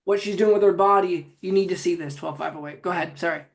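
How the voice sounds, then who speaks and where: The host of a live show breaks in to direct the guest and the viewers with quick instructions. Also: medium pitch, creaky.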